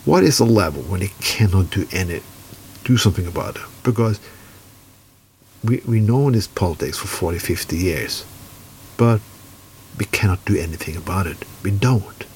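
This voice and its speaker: Man, Norwegian accent, furious rant, heavy swearing, blunt, low-pitched voice. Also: animated, moderate pace, pauses often, a little mellow, a little hiss or hum. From Norway. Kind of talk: angry political rant.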